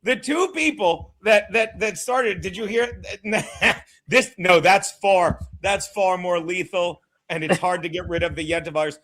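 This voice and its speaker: A man hosting a casual political chat show, loud and emphatic, joking and shouting his punchlines. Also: high-pitched, measured pace. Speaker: podcast host.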